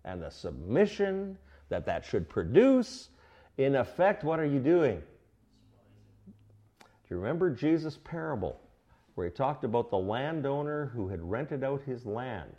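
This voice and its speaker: Animated man preaching an expository sermon. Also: medium pitch, measured pace, lo-fi sound. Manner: animated teaching, asks the congregation questions; swings between emphatic bursts and quiet asides. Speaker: pastor teaching a Bible study.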